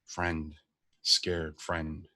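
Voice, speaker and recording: A man puts on a tiny, frightened podling creature from a tabletop game, muttering slow, broken words under its breath. The voice sits low and deep, and the recording is dry and close, with no room sound. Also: little pitch movement, pushed and bright, dry recording, exaggerated voice. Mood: mumbling, tired.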